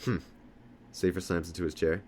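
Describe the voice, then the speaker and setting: Guy reading a kids novel out loud, deep low voice, plain and steady. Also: quick pace, a little hiss or hum. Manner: plain first-person storytelling. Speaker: audiobook reader.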